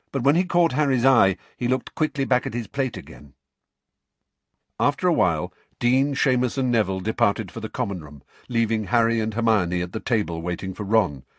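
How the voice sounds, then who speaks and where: A man narrating an audiobook in an expressive storytelling manner. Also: low-pitched, no room sound.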